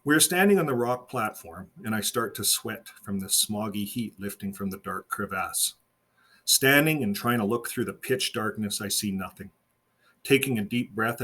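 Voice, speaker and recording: A man's voice: on the low side, fairly bright tone, breathy edge. A man reading his own novel aloud in plain first-person storytelling.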